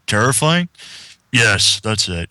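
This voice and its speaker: A man's voice: on the low side, sing-song, slow pace, sharp tone, dry recording. A man co-hosting a podcast, reading aloud with casual, playful, theatrical banter. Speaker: podcast co-host.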